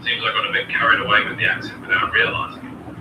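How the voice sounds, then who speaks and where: A man's voice: lowish voice, monotone, quick pace, reverberant, recorded from a distance, background noise. A computer voice of a man acting as a chemistry tutor, polite and formal as he quizzes a student.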